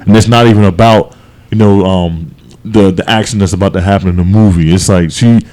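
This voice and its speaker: Lowish guy podcast cohost, rambly, lots of um and like, gets worked up. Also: fairly quick. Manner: rambling, animated, many restarts and fillers. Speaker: podcast co-host. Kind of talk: casual chat.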